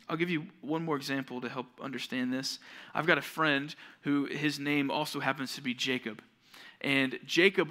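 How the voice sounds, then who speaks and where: A young male youth pastor delivers a sermon to junior high kids. His voice is bright, forceful and a little high. He tells stories and acts out the voices he quotes.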